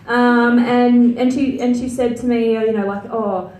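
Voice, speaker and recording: A woman's voice: fairly high pitch, steady tone, measured pace, a little mellow, far from the mic, slight background noise. Crude Australian woman doing stand-up. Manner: crude, self-mocking, chatty with many filler likes. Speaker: stand-up comedian. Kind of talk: stand-up comedy set. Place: comedy venue stage. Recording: roomy live venue sound from afar.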